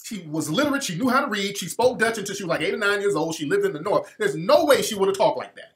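A man's voice: high-pitched, lively intonation, fast, a bit bright. A man giving a heated commentary rant, emphatic and repetitive, with frequent swearing. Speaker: online commentator.

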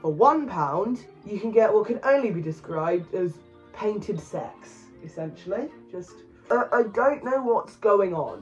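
A man co-hosting a casual chat, making sarcastic, deadpan jokes. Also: high-pitched, measured pace, muffled recording, faint music behind. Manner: sarcastic, deadpan jokey remarks. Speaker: co-host. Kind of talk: casual chat while browsing a shopping site.

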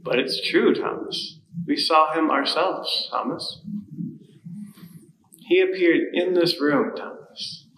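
A man's voice: on the high side, slow, reverberant, a little hiss or hum, pitched above the performer's own voice, low-quality recording. A man putting on an overjoyed, insistent apostle. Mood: pleading. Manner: excited and pleading. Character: joyful, insistent male apostle Peter.

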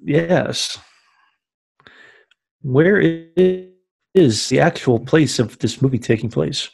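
Husky young man, mid-pitched, laughing often. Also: animated, slow, a little mellow. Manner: laughing, wisecracking, stammers. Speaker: podcast co-host. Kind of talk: crude casual movie commentary.

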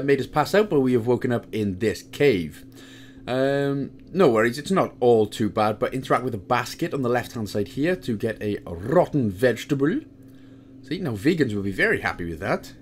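A man from Wales talks through a video game walkthrough in a casual, chatty way, tossing in jokes as he goes. His pitch sits in a middle range but swings widely and expressively from line to line. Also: slight background noise. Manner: chatty, jokey asides, lively pitch swings. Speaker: game guide host.

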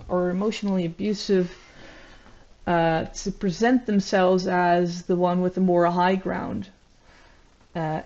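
Woman, commentator, measured and reflective, filler words, slightly muffled audio. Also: on the low side, dark tone. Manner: measured, reflective, many ums and uhs. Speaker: YouTube commentator. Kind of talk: analytical commentary.

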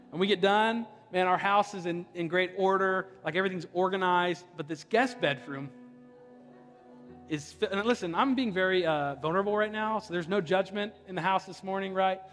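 A young adult male pastor from Ohio preaching in a conversational, impassioned way, slipping into humorous stories about his own life. His voice sits a little high for a man. The sound rings with the long reverb of a church sanctuary. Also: a bit bright. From Ohio, USA. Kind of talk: sermon.

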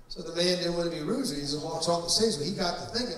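A man's voice: on the high side, fast, few pauses, fairly bright tone. A male pastor preaching a deliverance-service sermon in an emphatic storytelling manner with frequent fillers. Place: church hall. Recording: echoey church hall, mic distant.

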